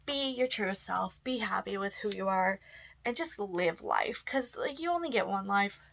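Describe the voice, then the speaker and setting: Woman vlogger, laid-back and chatty, a bit of fry in a medium-pitched voice. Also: animated, moderate pace, a bit bright. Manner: chatty, lots of fillers and laughs. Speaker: goth vlogger. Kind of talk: casual answers to a tag video.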